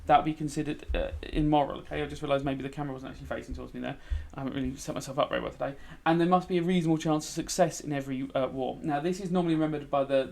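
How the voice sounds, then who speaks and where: A man's voice: a little high, a little mellow. A man teaching a casual revision lesson while building in a game, chatty and tired, checking in with "okay?" a lot. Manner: chatty, frequent "okay?" check-ins, talks while typing. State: tired, yawning.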